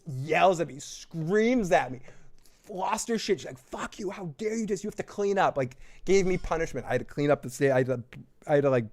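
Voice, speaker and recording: A man's voice: fairly high pitch, a bit bright. A man giving a casual, jokey show recap and telling stories, rambling and swearing freely. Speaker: TV show reviewer.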